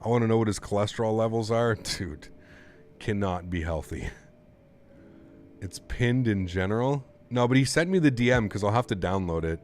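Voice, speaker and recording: Amused, low-voiced male streamer. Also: expressive, normal speed, a little mellow, a little hiss or hum. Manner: laughing, incredulous reactions. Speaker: live streamer. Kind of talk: casual live-stream chat.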